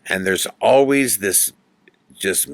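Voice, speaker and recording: A man hosting a podcast, telling a ghost story in an animated way that builds suspense. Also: lowish voice, slow, creaky, no room sound. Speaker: podcast host.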